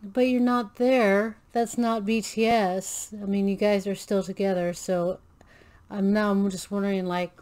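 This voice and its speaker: A woman's voice: mid-range voice, level tone, unhurried, darkish tone. A woman hosting a reaction video, gushing and thinking aloud with many restarts and fillers. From Filipino American. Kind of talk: casual reaction commentary.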